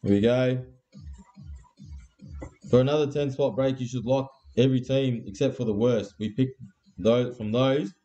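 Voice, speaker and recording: A man's voice: mid-range voice, moderate pace, pauses often, warm tone, lo-fi sound, faint music behind. An Australian man hosting a live card break, with crude, laddish banter and constant swearing.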